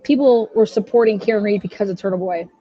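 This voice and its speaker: A woman's voice: medium pitch, fast, warm tone, muffled recording. A woman hosting a true-crime livestream, ranting angrily and swearing heavily as she gives her commentary. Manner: angry, profane ranting. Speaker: livestream host.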